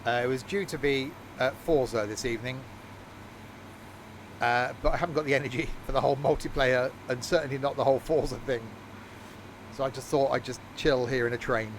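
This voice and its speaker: A worn-out man rambles through relaxed live-stream commentary, laughing at himself as he goes. His voice sits in an ordinary middle pitch. A faint hum runs underneath. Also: brisk. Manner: rambling, self-mocking, chuckling often. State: very tired.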